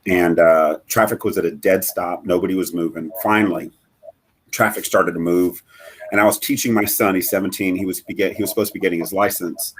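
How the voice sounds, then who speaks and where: A middle-aged man telling a personal story as a guest in a live interview, halting and earnest, with many fillers and restarts. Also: sits low, steady tone, husky. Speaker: guest, bereaved father.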